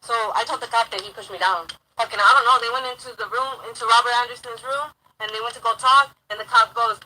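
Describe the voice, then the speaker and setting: High, sharp-toned young woman, rambling and profane, heated personal storytelling. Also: steady tone, quick pace, hardly any pauses, slight background noise, low-quality recording. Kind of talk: casual storytelling.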